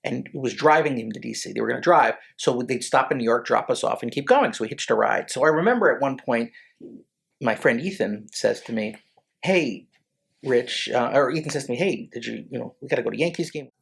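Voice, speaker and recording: Gravelly, husky-voiced man telling stories. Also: mid-range voice, expressive. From Connecticut, USA. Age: 40s. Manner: halting, many restarts, emotional, choked up. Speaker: lawyer, podcast guest. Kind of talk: casual storytelling interview.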